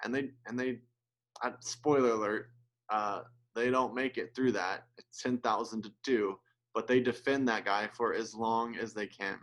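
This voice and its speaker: A man's voice: on the low side, steady tone, normal speed, a bit bright. A male pastor giving an earnest, conversational sermon, with restarts and asides, who gets emotional as he speaks.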